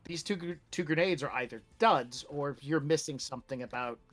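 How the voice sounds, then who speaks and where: A man's voice: on the high side, a little fast, a bit bright. A man narrating a tabletop role-playing game as game master, in a loose, casual way with many fillers.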